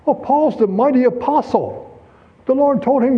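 A man preaching a sermon, telling a story and asking rhetorical questions with lively emphasis. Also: high voice, moderate pace, breathy edge, muffled recording.

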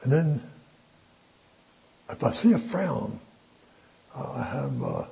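An older man teaching a Bible study in a folksy, conversational way, pausing often with fillers. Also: medium pitch, wildly swooping pitch, gravelly, warm tone, slightly rough, rough recording.

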